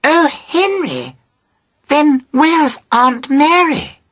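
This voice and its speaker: A man doing giddy high-voiced young women. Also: expressive, drawn-out words, pushed and bright, no echo, clean studio sound, full character voice. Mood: shrill alarm. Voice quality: high falsetto. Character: giddy, scatterbrained young women towing a boat. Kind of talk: storybook reading.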